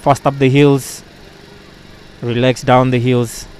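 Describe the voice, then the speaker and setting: A man's voice: medium pitch, little pitch movement, takes it slowly, a little mellow. A man commentating a race, mixing position updates with coaching-style running tips.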